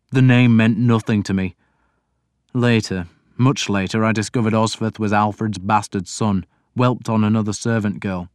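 A man's voice: on the low side, steady tone, normal speed, smooth, no echo. Dry, close male audiobook narrator. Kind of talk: first-person scripted narration.

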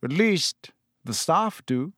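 Brief: a calm, tired middle-aged male teacher, read by a man, patient and measured, with a dry, close sound. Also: fairly high pitch, no echo.

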